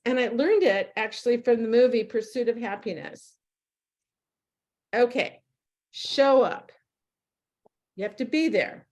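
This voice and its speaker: Chatty woman presenter, higher voice. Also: darkish tone. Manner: chatty, storytelling with quoted dialogue. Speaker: leadership workshop presenter. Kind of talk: casual talk to a group.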